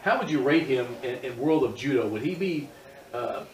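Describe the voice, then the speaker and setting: Male interviewer, halting and full of restarts, recorded from a distance in a roomy space. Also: medium pitch, animated. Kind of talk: interview questions.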